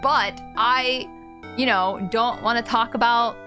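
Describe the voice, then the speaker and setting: Bright-voiced woman chatting on stream. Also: fairly high pitch, steady tone, slow pace. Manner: chatty and openly emotional, talks straight to chat. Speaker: game streamer. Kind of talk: casual live-stream chat. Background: faint game music.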